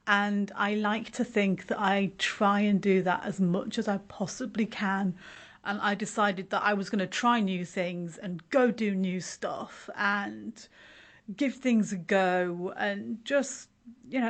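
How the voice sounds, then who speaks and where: Woman, middle-aged, casual chat, storyteller, laughs a lot, quotes others in their voices. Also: medium pitch. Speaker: podcast host sharing her story.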